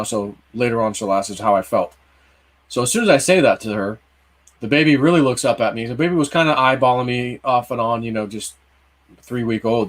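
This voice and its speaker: A man in his early forties casually telling a long personal story on a livestream, rambling, with many fillers and restarts. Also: mid-range voice. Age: 40s. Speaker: livestream co-host.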